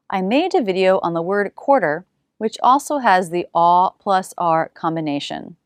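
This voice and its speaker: A woman teaching English pronunciation, saying single sounds and words slowly with exaggerated care. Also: fairly low pitch, no room sound, clean studio sound.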